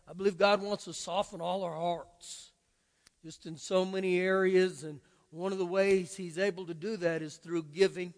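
A man's voice: sits high, steady tone, moderate pace. A male pastor preaching an earnest, emphatic sermon in a church, drawing out key words of scripture for stress. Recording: long reverb of a large hall.

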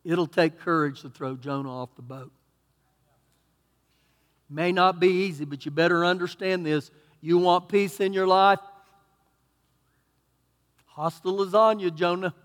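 A Texan man preaching a sermon as pastor, swinging between loud emphatic bursts and quieter asides. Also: sits high, steady tone, unhurried, big-room sound. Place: church sanctuary.

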